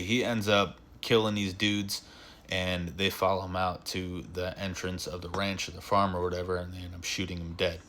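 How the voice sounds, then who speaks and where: A man's voice: low-pitched, a bit bright, a little hiss or hum. A man giving a casual spoken film review, retelling the plot in a rambling way full of fillers.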